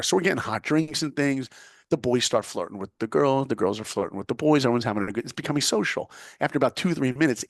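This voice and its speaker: A man's voice: medium pitch, no room sound, clean studio sound. A middle-aged man from New York telling a story in a punchy, motivational way as a guest. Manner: punchy, motivational, acts out quoted voices. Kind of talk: animated storytelling.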